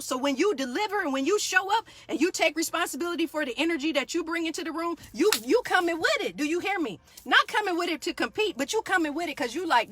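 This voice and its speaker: Woman, 40s, yoga teacher, bright preachy motivational energy. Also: high voice. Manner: fired-up, preachy, keeps asking "do y'all hear me". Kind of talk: motivational live talk.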